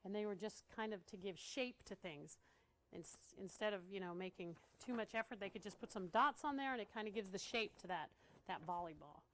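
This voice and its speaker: A woman's voice: medium pitch, a little fast, fairly bright tone, slight background noise. A woman giving a casual training talk to art teachers, chatty and laughing often as she acts out what kids say.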